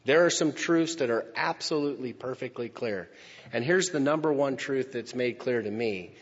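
Man preaching, husky voice, dramatic swings from loud to hushed, slow emphatic phrasing, long hall reverb, dull lo-fi sound. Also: mid-range voice. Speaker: pastor. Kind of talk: sermon.

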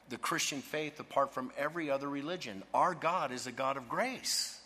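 Emphatic preacher with a bright voice in a reverberant hall. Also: male voice, medium pitch, breathy edge. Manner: emphatic, asks the congregation to fill in words. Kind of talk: sermon.

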